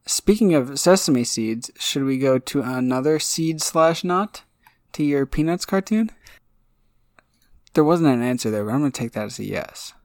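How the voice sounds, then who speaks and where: Clean, dry studio sound captures this man's mid-range, slightly mellow voice as he co-hosts a podcast. In relaxed conversation he spins rambling stories heavy on fillers.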